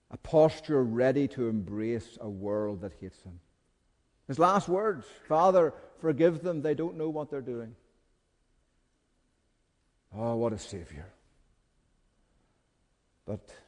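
A man preaching with fervour, his voice dropping to a hush and then rising to urgent appeals. It is a mid-pitched voice carried by a long hall reverb, the sound of a church. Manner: impassioned, swings from hushed pleading to loud urgent calls. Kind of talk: sermon.

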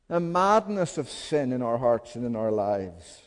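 A man's voice: medium pitch, big pitch swings, unhurried, hardly any pauses. Impassioned preacher man in a reverberant hall. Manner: impassioned, swings from hushed pleading to loud urgent calls. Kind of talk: sermon.

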